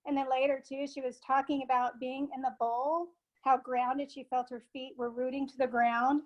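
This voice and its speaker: Woman guest, high voice, halting and full of fillers, casual interview. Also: level tone, dull audio. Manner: halting, many filler pauses. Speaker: guest sound therapist and forest guide.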